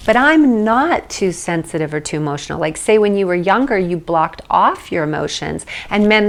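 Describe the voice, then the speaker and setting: A woman teaching an emotional tapping session, explaining at length in a chatty way with light asides, then guiding slow repeat-after-me statements. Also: lowish voice. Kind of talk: guided tapping lesson. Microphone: phone or camera mic.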